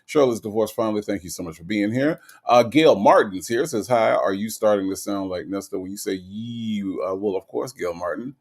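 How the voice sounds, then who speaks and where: A man hosting a casual livestream, reading viewer comments aloud and greeting each viewer in an animated way. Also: fairly low pitch, moderate pace, few pauses. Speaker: livestream host.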